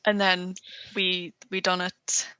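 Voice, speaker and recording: A woman's voice: on the low side, completely flat delivery, takes it slowly, pushed and bright, clear, resonant tone, no room sound. A young woman, co-hosting a podcast in blunt, laughing casual chat. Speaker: podcast co-host.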